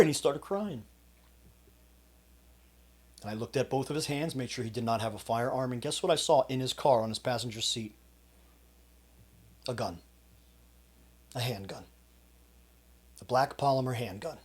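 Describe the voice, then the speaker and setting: A man's voice: mid-range voice, breathy edge. A man, a coach hosting his own channel, telling a personal story to camera in an intense, emphatic way. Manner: intense, emphatic retelling with quoted shouts. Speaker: fitness coach and channel host.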